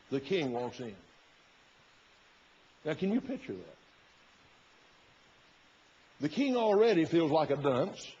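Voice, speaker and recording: A man's voice: fairly high pitch, a little mellow, slightly rough. Folksy preacher man, lo-fi sermon. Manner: folksy, retells the story with quoted inner thoughts. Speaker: pastor.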